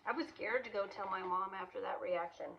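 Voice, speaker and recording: A woman's voice: mid-range voice, fairly quick, vocal fry, muffled recording, background noise. A woman in her thirties casually telling a personal story, chatty, with frequent fillers, restarts and laughs. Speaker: vlogger, single mom.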